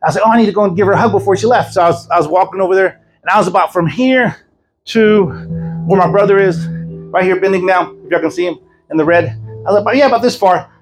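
A male evangelist preaching to a church congregation, telling a story with lively voices for the people in it. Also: sits high, fast talker, music in the background, rough recording. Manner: animated, acts out voices of people in his story. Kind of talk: sermon storytelling.

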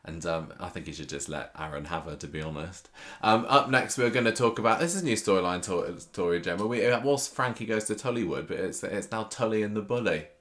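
A man's voice: fairly low pitch, a little fast, hardly any pauses, fairly bright tone. A man co-hosting a podcast in casual chat, joking and laughing often. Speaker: podcast co-host.

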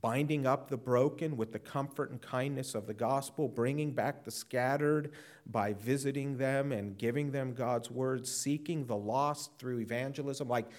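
A man's voice: medium pitch, normal speed, a little mellow. A man preaching a sermon in an earnest, sober way, often repeating words as he presses a point. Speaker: pastor.

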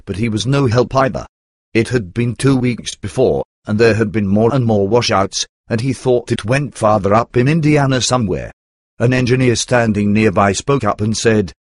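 A man's voice: on the low side, normal speed, dry recording, clean studio sound. A man narrating his own life story in the first person, earnest and emotional, with sighing asides.

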